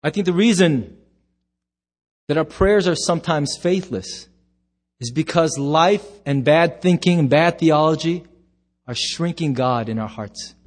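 A man's voice: a little high, expressive, unhurried. Emphatic preaching pastor, man. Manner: emphatic, swings from loud to hushed. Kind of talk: sermon.

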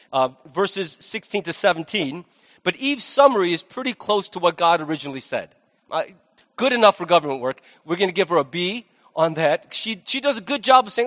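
A male pastor preaching a sermon in a lively, conversational way with jokey asides, in a large church hall. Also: sits high. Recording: long hall reverb.

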